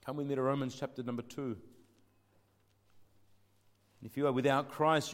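A man preaching a sermon with passion, rising to loud declaiming and dropping to hushed pleading, and reading scripture in old-fashioned wording. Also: medium pitch, expressive, moderate pace, pauses often. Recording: long hall reverb.

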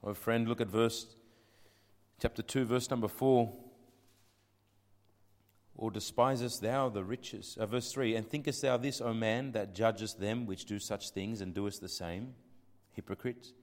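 Preaching with fervor, a man with a lowish voice keeps a measured pace, rising to loud declaiming before falling to a hushed plea. He reads scripture in old-fashioned phrasing, and the recording carries a long hall reverb.

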